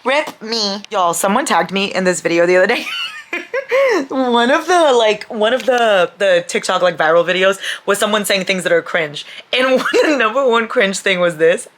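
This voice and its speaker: A young woman talking at home in a mid-range voice, gushing about her reading with bursts of laughter. She swears freely and runs hot with excitement. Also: mid-range voice, moderate pace, a little hiss or hum. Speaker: book vlogger. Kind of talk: casual reading vlog chat.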